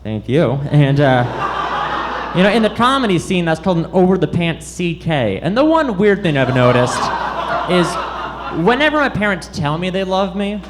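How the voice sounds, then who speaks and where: His voice sits high and is very animated as he performs stand-up at a moderate pace on a comedy club stage. He's awkward and self-deprecating, tripping over lines on purpose, while the live recording picks up loud crowd noise.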